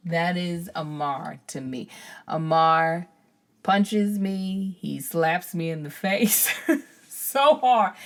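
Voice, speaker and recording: A woman hosting a podcast, chatting casually about her kids and acting out how she scolds them. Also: fairly low pitch. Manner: animated storytelling, acts out her own scolding. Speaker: podcast host. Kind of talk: casual chat.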